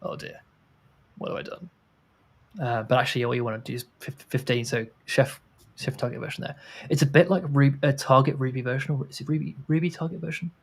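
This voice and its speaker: A man's voice: medium pitch, quick pace, creaky. Chatty man hosting a tech livestream. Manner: rambling with many restarts and fillers. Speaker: host. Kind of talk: casual livestream chat.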